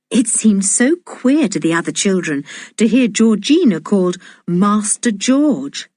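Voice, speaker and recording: A woman narrating a children's storybook aloud in a lively, expressive manner. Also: medium pitch, measured pace, dry recording, clean studio sound. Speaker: audiobook narrator.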